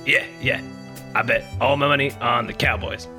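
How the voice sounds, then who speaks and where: A man voicing a creepy creature in a trench coat, deadpan and blunt, in an improv comedy scene. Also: mid-range voice, normal speed, vocal fry, soft background music.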